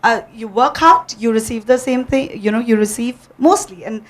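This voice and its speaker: A woman's voice: on the high side, normal speed. A woman who hosts a television show, speaking earnestly and persuasively on a panel. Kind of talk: panel discussion.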